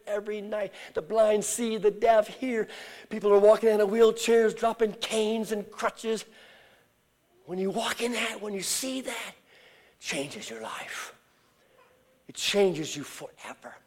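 A man preaching as a traveling evangelist, telling a story and acting out the voices in it, swinging from shouts to hushed whispers. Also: sits high, a little slow. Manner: acts out quoted voices in storytelling. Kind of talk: sermon.

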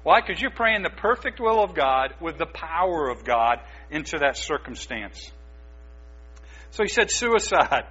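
A man's voice: a little high, very animated, unhurried, sharp tone, breathy edge. A man preaching a sermon as pastor, exhorting his listeners with emphatic, urgent delivery. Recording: dull lo-fi recording with mains hum.

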